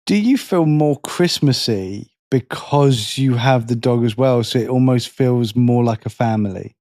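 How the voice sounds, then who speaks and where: A man's voice: mid-range voice, measured pace, darkish tone, no room sound, studio quality. A man co-hosting a podcast, talking in an earnest, candid way. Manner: earnest and candid, speaks plainly. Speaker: co-host. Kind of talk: casual podcast chat.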